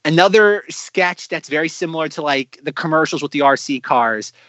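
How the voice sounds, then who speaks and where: A man co-hosting a podcast, chatting casually about a sketch show, animated and full of fillers. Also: a little high, normal speed, no room sound. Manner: animated, acts out quotes, many fillers. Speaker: podcast co-host. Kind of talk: casual chat reviewing a sketch comedy show.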